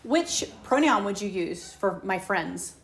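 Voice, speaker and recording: A woman teaches a Spanish class at an unhurried pace. She explains each point with patience and keeps checking in with her students. Her voice sits at a middle pitch. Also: expressive. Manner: slow patient explaining, asks students questions. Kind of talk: recorded whiteboard lesson. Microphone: tablet mic.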